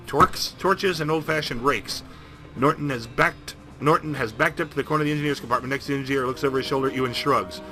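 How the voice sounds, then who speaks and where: A quick-talking man with a bright, crisp tone who narrates a game playthrough in a comedic way. He rambles, cracks jokes and reads the story out in an animated voice. Faint music plays behind him. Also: a little high. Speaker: game streamer. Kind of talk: comedic let's-play narration.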